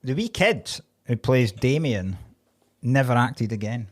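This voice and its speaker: Man, middle-pitched, relaxed storyteller, co-host on a chat podcast. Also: unhurried. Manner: relaxed storytelling, laughs easily. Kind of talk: casual chat.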